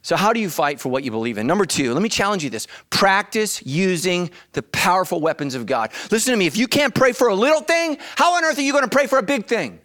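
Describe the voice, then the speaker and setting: A middle-aged man, a pastor, preaching an animated comic sermon full of storytelling, shouts and acted voices. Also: sits high, quick pace, hardly any pauses, no echo, studio quality.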